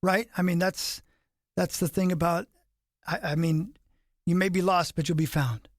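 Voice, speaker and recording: Guy hosting a podcast, pretty high voice, lively, pokes fun at himself, dry close mic. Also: moderate pace, no room sound. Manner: animated, self-deprecating, voice rising on questions. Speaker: host. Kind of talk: podcast interview.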